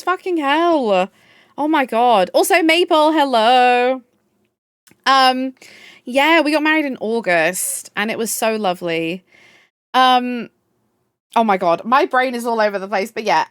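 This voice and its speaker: A woman's voice: sits high, expressive, measured pace, no echo, clean studio sound. A young woman live streamer chatting casually with her viewers, bubbly and gushing, swearing freely. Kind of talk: casual chat.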